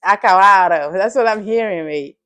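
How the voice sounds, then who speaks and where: A woman's voice: medium pitch, animated, a little slow. A woman hosting a live trading stream, chatting casually with her chat, teasing and laughing often.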